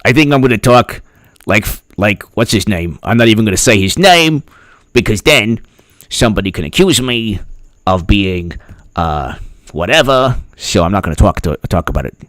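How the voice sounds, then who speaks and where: A man's voice: on the low side, expressive, normal speed, a bit bright, no room sound. A man hosting a casual political livestream, joking, laughing at his own lines and thanking viewers by name. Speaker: political commentator host.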